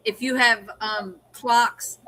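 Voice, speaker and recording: Woman host, bright voice, rambling explanations, faint background noise. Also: a little high, steady tone, slow, rough recording. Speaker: host of a live stream. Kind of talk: casual chat.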